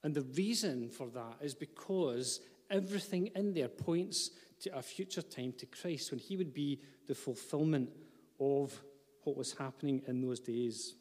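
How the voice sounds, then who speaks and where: A man's voice: mid-range voice, unhurried, a little mellow, big-room sound. A man, preaching a sermon as pastor, earnest, with light asides to the congregation. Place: church hall.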